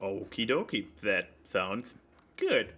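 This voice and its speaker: A man's voice: on the low side, sing-song, slow, pushed and bright, husky. A man hosting a podcast in casual chat, jokey, with stammering restarts. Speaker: podcast host.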